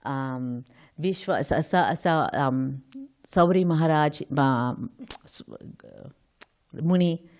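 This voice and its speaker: A woman's voice: deep voice, slow pace, a little mellow. A woman giving an informal scripture class, thinking aloud, quizzing her listeners and often restarting her sentences.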